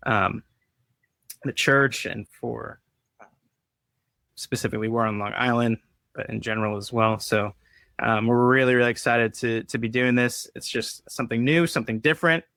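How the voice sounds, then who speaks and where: A man's voice: medium pitch, fairly even intonation, normal speed, creaky, a bit bright. A man hosting an unscripted live chat in an easygoing, rambling way, cracking small jokes as he goes. His voice sits mid-range, and the sound is dry and close with no room echo. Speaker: podcast co-host. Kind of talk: casual live-stream chat.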